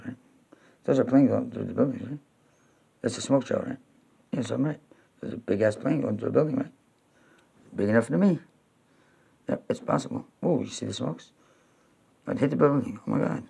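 A man from New York talking to camera in a rambling, repetitive way, now and then breaking into loud, high-pitched pleading. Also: gravelly, slightly rough. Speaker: video blogger.

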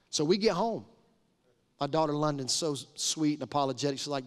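Middle-aged pastor preaching in a reverberant sanctuary. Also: male voice, a little high, lively intonation, fairly quick. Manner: conversational, emphatic preaching with storytelling. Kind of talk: sermon. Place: large church sanctuary.

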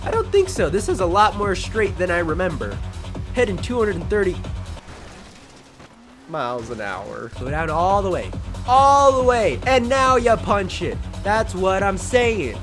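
A young man at home giving jokey, excitable let's-play commentary, often shouting at the game. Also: sits high, unhurried, soft background music. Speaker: gaming channel host. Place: his room at home.

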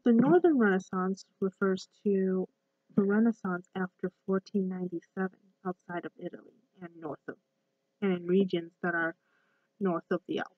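A young woman giving a college class presentation and reading a poem. Her voice is croaky from a cough, and she talks hesitantly with many ums and restarts. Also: medium pitch, dry recording. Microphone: laptop built-in mic. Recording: dull lo-fi laptop audio.

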